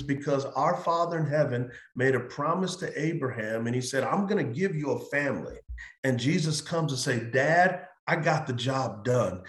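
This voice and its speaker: A man's voice: fairly high pitch, echoey room. A male pastor as a podcast guest, speaking emphatically in a preaching style, building in repeated phrases and acting out quoted voices. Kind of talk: passionate preaching-style conversation.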